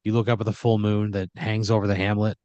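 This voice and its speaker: A man's voice: fairly low pitch, little pitch movement, quick pace, a little mellow, no echo, highs cut off. A man hosting a podcast and improvising a horror comedy story in the second person, with frequent "like" fillers.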